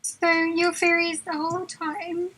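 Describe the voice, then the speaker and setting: A woman chiming in with comments while her friend reads aloud, hesitant and casual. Her voice is very high. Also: flat delivery, measured pace, fairly bright tone. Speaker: friend joining the reading. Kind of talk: casual chat.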